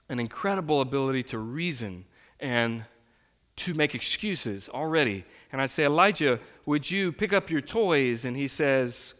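A man in his thirties preaching a sermon in a conversational, animated way, acting out the voices of the people he quotes. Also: a little high. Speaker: pastor. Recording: long reverb of a large hall.

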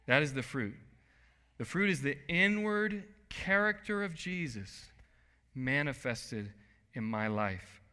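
A man preaching a sermon as pastor, swinging from soft, quiet lines to loud bursts. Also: mid-range voice, animated, slow pace, smooth. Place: church sanctuary. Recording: long hall reverb.

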